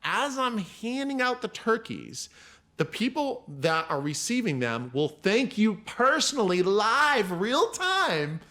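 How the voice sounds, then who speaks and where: Lively man telling an animated story. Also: slow. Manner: animated, acts out quoted people with raised pitch. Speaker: podcast guest, mindset coach. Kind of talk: casual storytelling.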